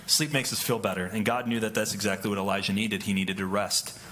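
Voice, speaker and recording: A man's voice: on the low side, steady tone, fast talker, pushed and bright, slight background noise. A male pastor giving a conversational sermon, often checking in with "right?". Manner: conversational, keeps asking "right?".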